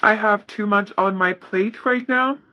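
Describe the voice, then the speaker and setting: A woman giving a casual tarot reading, reading card messages aloud in a soft, hesitant way with many fillers. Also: medium pitch, unhurried, muffled recording, a little hiss or hum. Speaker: tarot reader.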